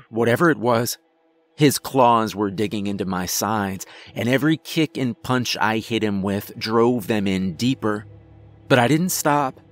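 A man narrating a first-person horror story in a measured storytelling manner. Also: mid-range voice, dry recording.

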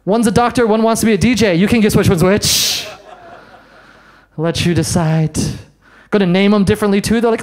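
A man doing a stand-up set in a comedy bar, brash and self-mocking, with quick asides to the crowd. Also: sits high. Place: comedy bar in front of a live audience.

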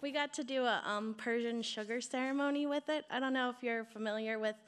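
Young-ish sounding woman at the audience mic, highish voice, giggly and heartfelt. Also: brisk, smooth. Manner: nervous, giggly, earnest. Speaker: audience member asking a question. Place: live event hall.

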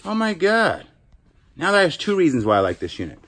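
A man's voice: a little high, huge pitch swings, normal speed. A man hosting a vlog, chatting casually and joking while he sorts through a storage unit. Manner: chatty, jokey, thinking out loud. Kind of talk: casual chat to camera.

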